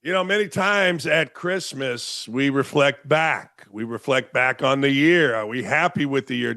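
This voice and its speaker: A man's voice: on the high side, fairly bright tone, no room sound, clean studio sound. A man hosting a sports talk show, delivering an opinionated, sarcastic monologue full of rhetorical questions. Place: home studio in Florida.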